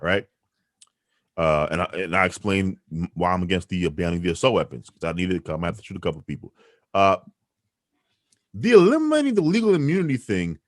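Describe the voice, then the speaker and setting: A man co-hosts a news talk show, pressing his points with emphatic, rhetorical questions and quick restarts. His pitch swings widely, and the sound is close and dry. He talks with the drive of someone sure of his view. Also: no echo. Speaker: co-host. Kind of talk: opinionated news commentary chat.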